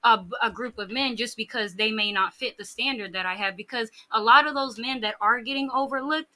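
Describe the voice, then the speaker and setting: A woman's voice: on the high side, a little fast, pushed and bright. A woman speaking as a guest in a casual podcast chat, blunt and opinionated.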